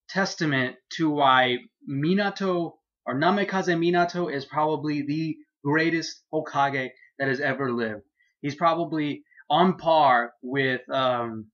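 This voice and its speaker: A man giving a casual manga chapter review, excitable and profane, laughing as he loosely retells scenes. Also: mid-range voice, lo-fi sound.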